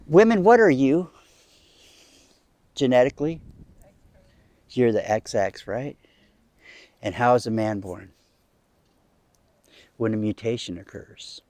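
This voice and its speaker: A man's voice: medium pitch, darkish tone, no echo. A middle-aged man telling a comic story to a small live audience in a casual, chatty way. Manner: casual, chatty, acting out voices in quotes. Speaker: comedic storyteller.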